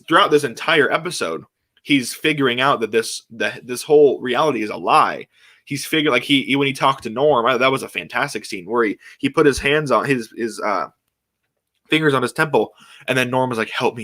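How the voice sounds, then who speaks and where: Young male host, bright voice, eager rambling solo chat full of restarts. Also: medium pitch, fairly quick. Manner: excited, rambling, many restarts and fillers. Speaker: podcast host.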